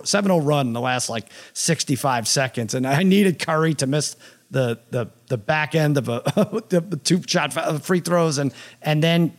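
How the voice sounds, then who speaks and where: A man in casual sports talk, hosting the show with an animated, chatty delivery. His voice sits a little high and he breaks into laughter often. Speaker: podcast host.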